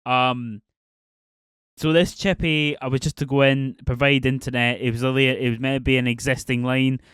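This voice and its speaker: A man's voice: mid-range voice, little pitch movement, normal speed, fairly bright tone, smooth, no echo, clean studio sound. A young man hosting a podcast, telling a story casually, with many fillers and restarts. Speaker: podcast host.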